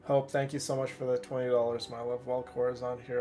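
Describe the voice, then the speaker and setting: Speaking fast with few pauses, a man talks to his stream viewers in a mellow, medium-pitched voice that barely moves in pitch. He sounds worn out, stammering and repeating himself in a heartfelt, emotional chat, with faint music in the background.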